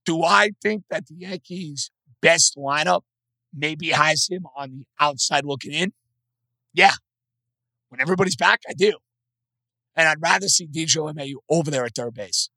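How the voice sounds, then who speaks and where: Hoarse New male sports radio host, high and gravelly, blunt takes, dry studio sound. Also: normal speed, bright, forceful tone, dry recording. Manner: blunt, opinionated.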